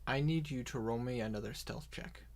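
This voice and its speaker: A man narrating as dungeon master in an online tabletop game, taking his time and often restarting his sentences. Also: medium pitch. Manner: unhurried narration with many restarts and asides.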